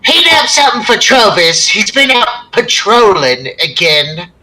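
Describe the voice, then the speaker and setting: A man's voice: mid-range voice, wildly swooping pitch, a little slow, creaky, bright, forceful tone, slightly rough, voice pushed up, full character voice. A man voicing a brusque, scolding woman innkeeper in a tabletop game. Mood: welcoming. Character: stern, sharp-tongued woman innkeeper. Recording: distant mic, faint background noise.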